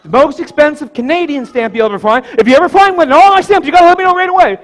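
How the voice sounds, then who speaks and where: An insistent old army grandpa showing off his stamps, lecturing with a lot of "no, no", voice sitting up high, as a preacher acts him out in a sermon. it's his own everyday voice barely changed. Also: measured pace, close to an everyday voice. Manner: lecturing, repeating "no, no". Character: older male army-veteran grandfather, stamp collector, insistent.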